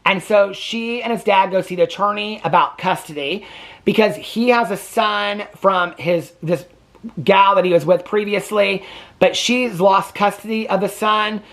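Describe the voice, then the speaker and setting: A man with a high, slightly bright voice and measured pace gives casual reaction commentary on reality TV, recapping episodes with sassy gossip and chatty energy while asking viewers "okay?" again and again. He's filmed by a tripod-mounted camera.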